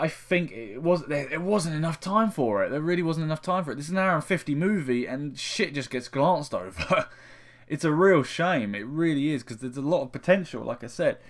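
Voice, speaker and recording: Rambling, foul-mouthed young man reviewing films. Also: fairly high pitch. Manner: rambling, heavy swearing, frequent restarts. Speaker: film reviewer. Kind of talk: casual spoken film review.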